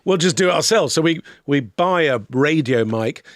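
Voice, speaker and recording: Sweary man telling animated anecdotes. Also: fairly high pitch, moderate pace, no room sound, clean studio sound. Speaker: podcast guest, comedian. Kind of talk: casual storytelling chat.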